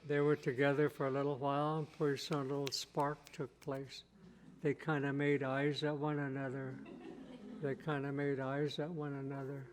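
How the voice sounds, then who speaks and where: A tribal chief telling a traditional tale in plain, repeating phrases. His voice sits a little high and stays flat, and he takes his time. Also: a little hiss or hum. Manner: slow, repetitive, plain-spoken. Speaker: tribal chief, keynote speaker. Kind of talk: traditional oral storytelling.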